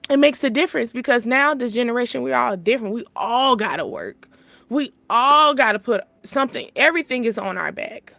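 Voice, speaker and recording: A woman who runs a spiritual channel gives a casual motivational talk, rambling, repeating herself and laughing a lot. She swings from emphatic highs to soft asides with lively intonation, a brisk pace and a creaky voice. There is no room sound.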